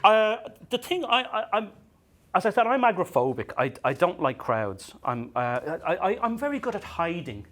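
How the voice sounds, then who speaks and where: An Irish man doing a stand-up comedy set, telling self-mocking stories in a halting way and often repeating his words as he restarts. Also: high-pitched, big pitch swings, a bit bright. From Ireland. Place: comedy venue stage.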